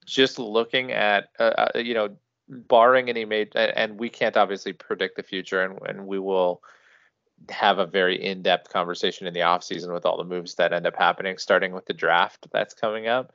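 A man's voice: deep voice, level tone, brisk, a bit bright, no echo. A man co-hosting a hockey podcast in a laid-back, dry-humored way, with frequent restarts. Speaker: podcast co-host. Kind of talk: casual sports chat. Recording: dull dry lo-fi sound.

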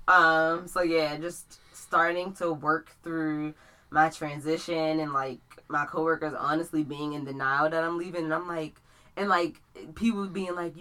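Bright-toned young woman chatting casually. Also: sits low, unhurried. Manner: chatty, laughs often, relaxed slang. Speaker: podcast co-host. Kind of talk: casual chat.

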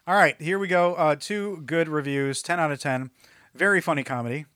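A man's voice: on the high side, moderate pace, a bit bright, no echo. Man mock-reading reviews, dry close mic. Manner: mocking, breaks into laughter mid-read. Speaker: podcast co-host. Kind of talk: reading out reviews in a casual chat.

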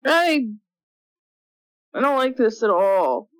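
A woman's voice: a little high, very animated, takes it slowly, low-quality recording. A woman co-hosting a casual movie chat, answering in short, dry remarks. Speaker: podcast co-host.

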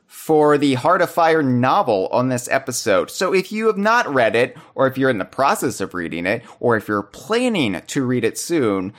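A man's voice: mid-range voice, sing-song, moderate pace, few pauses, a bit bright. A man hosting a podcast interview, playful and jokey in a casual chat. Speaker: podcast host.

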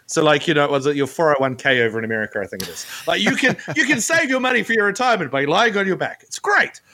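A man co-hosting a casual podcast with a rather high voice that bounces around a lot. He rants and jokes, swearing freely. His tone is bright and forward. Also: big pitch swings, fast talker. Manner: profane ranting, jokey. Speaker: podcast co-host.

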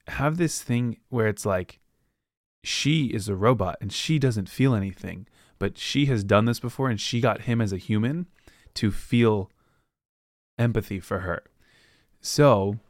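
A man's voice: lowish voice, a little slow, pauses often, no echo, clean studio sound. A man hosting a podcast from home, casually recapping a book in a rambling way, often slipping into loose quoted asides. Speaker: podcast host. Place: at home with his dog.

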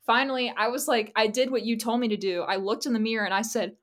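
A woman's voice: a little high, fast talker. Chatty young woman co-hosting a podcast. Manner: chatty, laughs often, animated storytelling. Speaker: podcast co-host. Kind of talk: casual chat.

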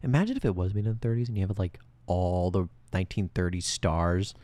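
A man co-hosting a casual movie podcast, recapping scenes with profanity and animated rants. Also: low-pitched, brisk, dry recording. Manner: animated, profane, swings into loud mocking rants. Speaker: podcast co-host.

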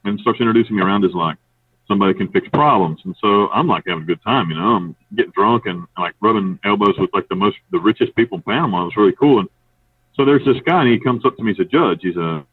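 A low-voiced, husky man from North Carolina tells a rambling, profane story, quickly acting out what others said. He comes through a distant, tinny phone line with no room sound around him. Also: dry recording. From North Carolina, USA. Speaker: interviewee. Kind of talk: storytelling interview.

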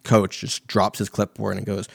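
Low-voiced man telling a rambling story. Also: completely flat delivery, moderate pace, vocal fry, no echo, studio quality. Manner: rambling, profane, filler-heavy. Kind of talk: casual storytelling.

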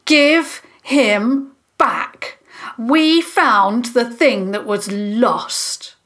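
A brave older sister speaks firmly and slowly, played by a woman narrator. Her voice is raised above the narration. It is a storybook heroine. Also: a little high, sing-song, pushed and bright, exaggerated voice.

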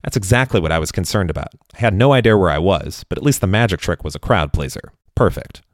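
A man narrating a first-person story in a wry, deadpan way. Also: low-pitched, fast, no room sound, clean studio sound.

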